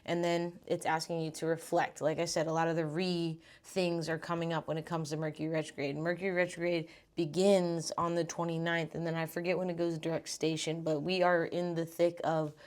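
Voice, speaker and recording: A woman's voice: low voice, level tone, fairly quick, hardly any pauses, darkish tone. A young woman giving a casual, chatty tarot reading, informal and a bit breathless, swearing now and then. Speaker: tarot reader.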